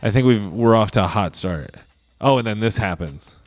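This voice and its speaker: A man's voice: lowish voice, animated, moderate pace, soft background music. Rambling, profane man on a podcast. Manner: rambling, profane, improvising a plot aloud. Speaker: podcast host. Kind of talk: casual comedic riffing.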